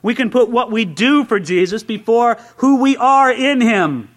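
A pastor with a notably high voice preaches a sermon a little slowly, in a conversational style full of rhetorical questions. He swings between excited, raised asides and low, quiet emphasis.

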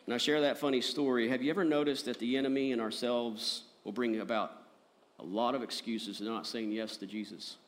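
A man preaching a sermon as pastor, earnest, rising to emphatic peaks and dropping soft. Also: mid-range voice, fairly even intonation, a little fast.

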